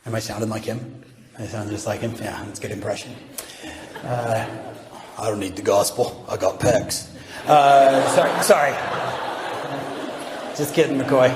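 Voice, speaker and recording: A man's voice: fairly low pitch, unhurried, long pauses. Joking male speaker in an echoey hall. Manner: joking, animated, quizzes the audience with questions. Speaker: religious speaker. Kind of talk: humorous devotional talk to a live audience. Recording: echoey hall with faint background noise.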